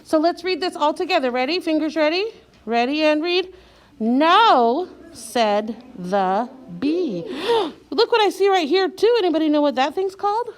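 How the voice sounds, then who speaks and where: High voiced lady teacher doing a reading lesson, patient, spelling words out slow. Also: darkish tone. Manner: encouraging, slow and clear, sounding out letters.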